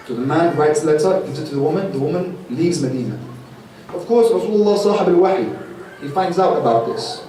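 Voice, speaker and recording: A man delivers a sermon as vivid, dramatic storytelling, in a voice a little high for a man yet dark and mellow. He is recorded from a distance in a mosque hall with strong echo and a faint room hum behind him. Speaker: speaker at a youth gathering. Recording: echoey hall from far off.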